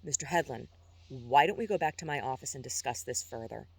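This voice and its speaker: A man's voice: mid-range voice, animated, a little fast, husky. A man reading a story aloud and voicing a nervous, evasive male real estate agent who tries to placate. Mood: placating.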